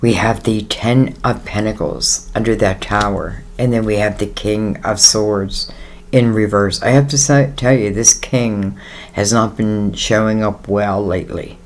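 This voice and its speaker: A man's voice: lowish voice, fairly even intonation, measured pace. A man giving a casual tarot reading, talking in a rambling, conversational way with many fillers and speaking straight to the listener in a reassuring tone. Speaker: tarot reader.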